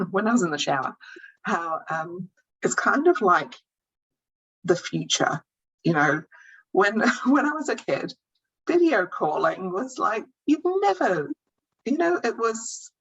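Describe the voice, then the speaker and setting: A woman's voice: medium pitch, very animated, measured pace, long pauses, fairly bright tone, slightly rough, highs cut off. A woman, co-hosting a podcast in rambling casual chat and giggling often. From New Zealand. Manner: giggly, rambling, self-interrupting. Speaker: podcast co-host.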